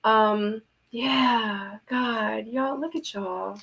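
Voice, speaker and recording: A woman's voice: fairly high pitch, extremely slow, creaky, a bit bright. A woman hosting a livestream, signing off in a chatty, affectionate way, easily moved. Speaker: livestream host. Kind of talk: casual livestream sign-off.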